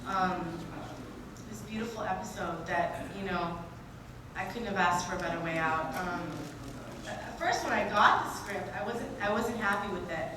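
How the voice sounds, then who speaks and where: A woman actor on a convention panel, telling stories in a lively, emotional, casual way. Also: fairly low pitch, normal speed. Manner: animated, emotional storytelling with laughs. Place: large convention hall. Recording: echoey noisy hall from far off.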